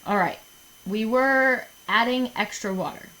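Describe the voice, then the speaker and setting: A woman's voice: on the high side, a little slow, pushed and bright, poor audio. Chatty woman teacher giving a lesson. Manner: chatty, jokey, often checks in with "okay?". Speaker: chemistry teacher. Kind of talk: recorded lesson for students.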